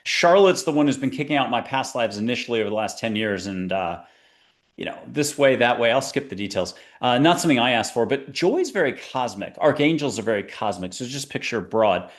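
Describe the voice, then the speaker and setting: Guy hosting a spiritual chat show, rambly and animated, voice going all over the place. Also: medium pitch, a little fast. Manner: rambling, animated, jumps between ideas. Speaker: podcast host.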